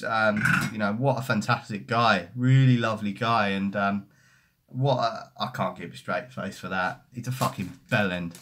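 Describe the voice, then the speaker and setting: A man's voice: on the low side, a bit bright. A young man hosting a football fan live stream, chatting casually and swearing as he reads comments. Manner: sweary, mocking banter. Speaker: football fan livestream host.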